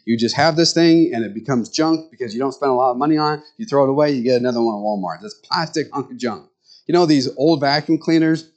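A middle-aged male pastor giving a conversational sermon, telling stories with animated quoted voices. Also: medium pitch, quick pace, highs cut off.

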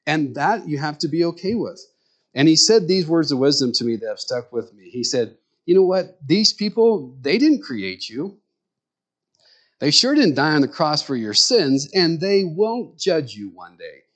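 A man's voice: fairly high pitch, very animated, normal speed, fairly bright tone. A man preaching in a small rural church, telling personal stories in a frank, conversational way. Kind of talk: sermon told as personal stories.

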